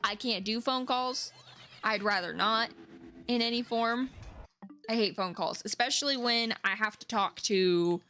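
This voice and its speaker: A woman in her thirties talks casually to her stream chat, rambling and emphatic and swearing freely. Her voice sits fairly high. Faint game music plays behind her. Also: measured pace, pushed and bright.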